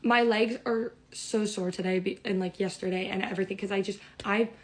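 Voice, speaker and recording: A young woman telling a storytime in an excited, rambling way. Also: mid-range voice, brisk, poor audio. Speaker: vlogger.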